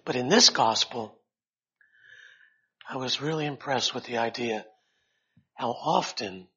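Bright, husky-voiced male preacher. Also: measured pace. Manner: rises loud and high on quotes of scripture. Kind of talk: sermon. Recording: dull lo-fi sound.

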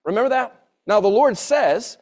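A man's voice: sits high, expressive, moderate pace. A man preaching a sermon, earnest and repeating phrases for emphasis. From Southern United States. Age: 40s.

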